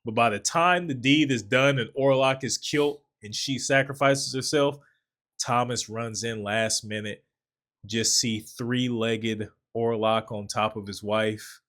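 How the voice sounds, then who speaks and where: A man's voice: mid-range voice, unhurried, a bit bright. A man co-hosting a casual film review chat, retelling the plot with energy, acting out character lines and laughing often.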